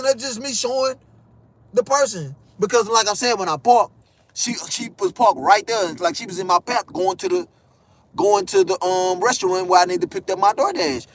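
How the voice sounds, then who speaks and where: Heated high-voiced young man ranting. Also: moderate pace, no room sound. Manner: heated, profane, acts out quotes in raised voices. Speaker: vlogger. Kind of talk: animated storytelling rant.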